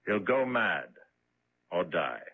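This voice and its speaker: Cool calm jailer, low and slow, thin phone-like old radio recording. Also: male voice, slightly rough, heavily acted. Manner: unruffled, matter-of-fact. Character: calm, detached male keeper of a prison. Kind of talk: 1950s radio drama acting.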